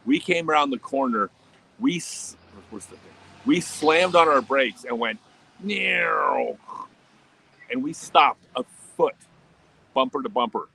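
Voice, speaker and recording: A man hosting a casual livestream, telling a driving story and answering chat questions with laughter and quick asides. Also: mid-range voice, bright, forceful tone, slightly rough, rough recording. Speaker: livestream host. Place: home in Australia, livestream.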